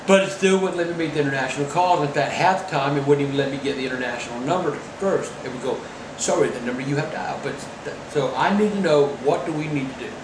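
An older man on a phone call to customer service, irate and profane, swearing and shouting. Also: a little high, quick pace, background noise. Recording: echoey room, faint ambience.

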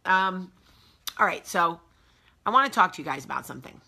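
A chatty woman in her forties hosts a casual morning live chat from her home. She greets viewers one by one, and her fairly low voice has a bright, forceful edge. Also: expressive, fairly quick, gravelly, a little hiss or hum. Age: 40s. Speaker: host.

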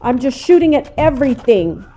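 A woman's voice: high-pitched, sing-song, normal speed, soft background music. Older woman gaming, jumpy and cursing. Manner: jumpy, cursing, talks to the game out loud. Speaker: gamer. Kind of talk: let's play commentary.

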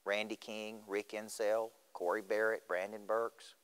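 With a fairly low, a bit bright voice that is clear and resonant, a middle-aged motivational speaker from Tennessee talks in a flat delivery at a measured pace. He questions the audience directly in a school auditorium, and the recording is reverberant.

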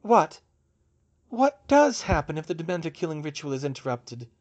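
A jumpy young witch, as a male reader puts her on, pitched well above his own voice and prone to sudden alarmed rises. She sounds anxious and protesting in a storybook reading. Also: sing-song, slow pace, exaggerated voice. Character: young woman, nervous, excitable witch.

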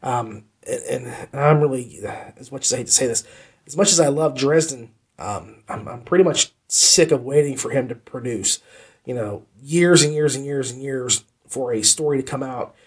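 A man's voice: mid-range voice, moderate pace, slightly rough. A man hosting a podcast, giving a casual spoken review of an audiobook, enthusiastic and rambling, often repeating words for emphasis. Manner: rambling, conversational asides.

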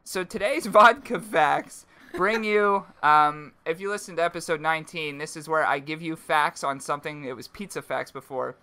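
Bright-voiced joking young man. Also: on the high side, moderate pace. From Pennsylvania, USA. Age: 20s. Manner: jokey, mock-announcer ad reads. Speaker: podcast co-host. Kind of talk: casual podcast chat.

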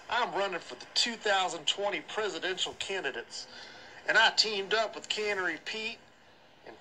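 A man's voice: high-pitched, sharp tone, a little hiss or hum, heavily acted, poor audio. A man playing a pompous, self-important joke presidential candidate in a comedy phone message.

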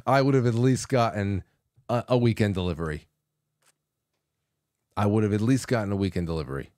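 A man's voice: on the low side, a little fast, a little mellow, no room sound, studio quality. A man hosting a call-in radio show, chatting casually, reading out phone numbers and reacting to callers. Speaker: radio talk show host. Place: radio studio.

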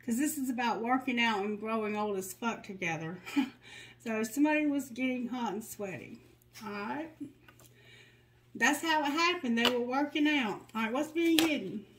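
A woman with a slightly high voice gives a tarot reading. She reads the card messages in a soothing, guiding tone. Between them she drops candid, joking remarks. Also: normal speed, low-quality recording. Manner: candid and joking, with blunt asides. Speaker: tarot reader.

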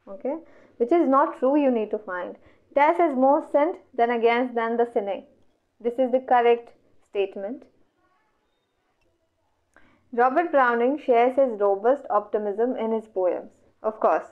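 Speaking a little high at a moderate pace, a woman with an Indian English accent runs an online exam revision lecture. She takes the questions step by step, asking herself things and then supplying the answers, all captured in dull lo-fi audio.

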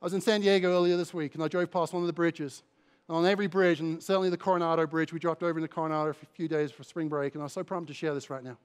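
High-voiced male pastor, passionate church sermon full of repetition and asides. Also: fairly even intonation, very fast, smooth. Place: church service.

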